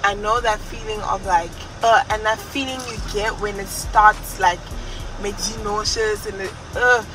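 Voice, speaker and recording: A woman's voice: medium pitch, fairly even intonation, unhurried, music in the background, poor audio. A young woman telling a personal story in a storytime vlog, speaking candidly and emotionally. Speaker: vlogger.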